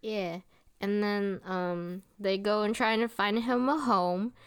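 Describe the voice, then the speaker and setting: A woman's voice: mid-range voice, fairly even intonation, takes it slowly, clear, resonant tone. A woman podcast co-host in casual, laid-back chat, recounting a cartoon and laughing along.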